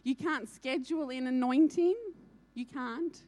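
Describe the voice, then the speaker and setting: A woman's voice: high voice, measured pace, a little mellow, a little hiss or hum. A woman preaching a sermon, urgent and earnest, repeating key lines for emphasis.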